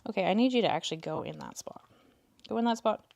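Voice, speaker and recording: A woman hosting a casual crafting livestream, chatting with viewers and coaxing her cats in a soft voice. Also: mid-range voice, expressive, fast, creaky. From Canada.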